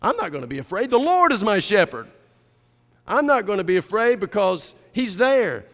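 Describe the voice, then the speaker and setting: Preacher playing a confident devout shepherd psalmist, fairly high voice, emphatic, long hall echo. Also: male voice, sing-song, moderate pace, a bit bright. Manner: emphatic, declaring.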